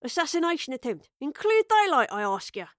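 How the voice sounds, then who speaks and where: A woman voicing an excitable tavern gossip who talks in a scandalised, breathless way. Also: high voice, a little fast, no room sound, studio quality, pitched above the performer's own voice.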